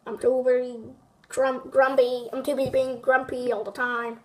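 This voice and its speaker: A woman's voice: high voice, flat delivery, moderate pace, darkish tone, far from the mic, lightly acted. A woman briefly imitating a gloomy, grumpy man who wants to be left alone, in a sulky, dragging tone. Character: grumpy, gloomy grown man, always annoyed.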